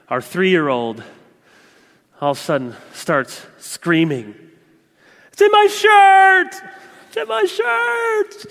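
A man in his thirties preaching a sermon, swinging between loud proclaiming and quiet, confiding asides. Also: medium pitch, long reverb tail. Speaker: pastor.

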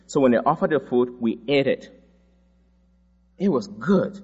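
A man's voice: mid-range voice, lively intonation, measured pace, long pauses, a little mellow, husky. African man preaching in an echoing hall. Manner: storytelling, emphatic. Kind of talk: sermon. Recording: dull recording in a large echoing hall.

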